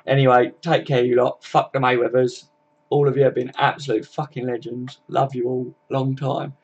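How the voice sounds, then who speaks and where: A man's voice: medium pitch, level tone, normal speed, breathy edge, highs cut off. A tired young man chatting casually and swearing freely as he wraps up a football live stream.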